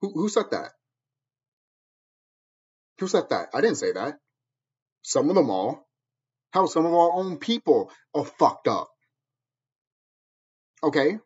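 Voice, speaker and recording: A man's voice: medium pitch, a little mellow, slightly rough. A man ranting at viewers in a profane, angry, preachy monologue, heard on a dull lo-fi recording. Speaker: vlogger.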